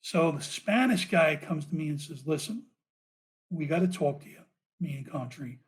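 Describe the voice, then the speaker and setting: Male ex-cop guest, animated and profane storyteller, slightly high voice. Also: moderate pace. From United States. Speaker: podcast guest, former police officer. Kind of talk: storytelling in a podcast interview.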